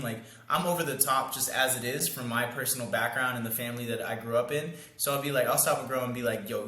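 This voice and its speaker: Young male dating coach, bright, lively and slangy, acting out lines, recorded in a roomy space. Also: mid-range voice. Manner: animated, slangy, acts out lines and sound effects. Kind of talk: casual coaching monologue. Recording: echoey room.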